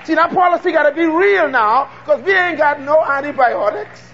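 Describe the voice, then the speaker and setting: A man's voice: extremely high pitch, normal speed, a bit bright, big-room sound, muffled recording, slight background noise. A Bahamian man preaching a fervent sermon, calling out to the congregation for responses.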